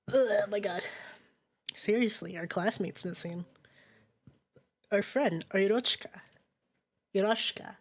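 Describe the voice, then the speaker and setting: A woman's voice: mid-range voice, slow pace, pauses often. A woman streaming a narrative game, reading its text aloud and reacting with chatty commentary, laughing often and swearing casually.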